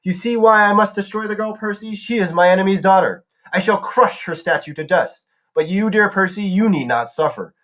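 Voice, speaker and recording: Man putting on a low soft-voiced monster woman, purring, menacing, audiobook. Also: expressive, brisk, hardly any pauses. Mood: crooning. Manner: soft, soothing purr. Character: crooning female snake-haired monster, menacing.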